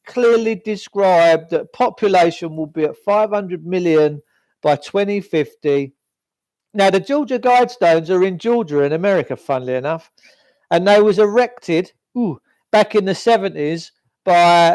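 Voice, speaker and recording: A man's voice: sits high, a little mellow, no room sound. A man hosting a live stream, talking bluntly and ranting in a rambling, sweary way. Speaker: livestream host.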